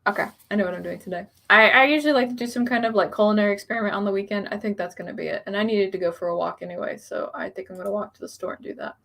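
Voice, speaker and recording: A woman's voice: mid-range voice, racing, creaky, hardly any pauses, fairly bright tone. A young adult woman chatting casually on a live stream, reading viewer comments aloud and rambling about her plans. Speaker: author streamer.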